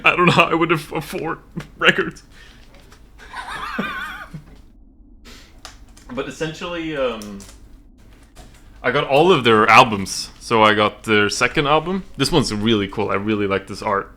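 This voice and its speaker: A young man from Sweden chats on a home stream, rambling and giggling nervously as he goes. His voice has a bright, sharp edge at an average pitch, picked up by a desk mic. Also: measured pace, long pauses.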